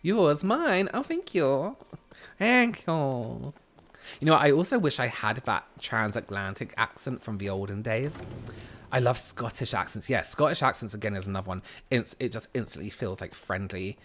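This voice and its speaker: A man's voice: lowish voice, brisk, a bit bright. A man from the United Kingdom streaming a game, chatting casually and answering viewer comments as he plays. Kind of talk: casual live-stream chat.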